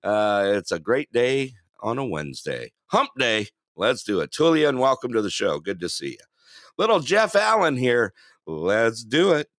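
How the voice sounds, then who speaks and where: A man's voice: mid-range voice, big pitch swings, normal speed, a bit bright, dry recording, studio quality. A man hosting a casual radio show, chatty and laughing often, with plenty of fillers.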